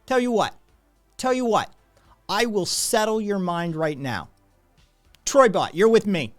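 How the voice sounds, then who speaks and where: Man doing a loud theatrical showman, teasing, pitched well up; light music under it. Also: lively intonation, measured pace. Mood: showy. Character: flamboyant theatrical male club figure.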